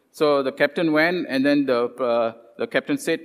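A man's voice: on the high side, moderate pace. Man preaching in a reverberant hall. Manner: retelling scripture stories with animated quoted voices and frequent fillers. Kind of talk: sermon.

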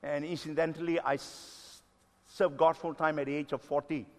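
A pastor in his sixties preaching a sermon, emphatic, stretching key words slowly and swinging between loud and soft. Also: fairly high pitch, little pitch movement. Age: 60s. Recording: long reverb of a hall.

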